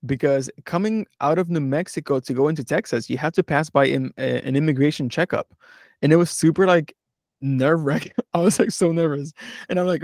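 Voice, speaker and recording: A man's voice: fairly high pitch, a little fast, darkish tone, no echo, clean studio sound. A young man from Philadelphia telling a road-trip story in a casual podcast chat, rambling and laughing as he acts out the people he met. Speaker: podcast co-host.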